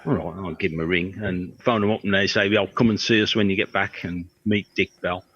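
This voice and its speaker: This guest is a guitar tech from Birmingham, England, a middle-aged man who wanders through stories and performs the voices he quotes during a relaxed interview. He speaks low and a little fast, with a steady, somewhat bright tone. The recording is dry and a bit dull.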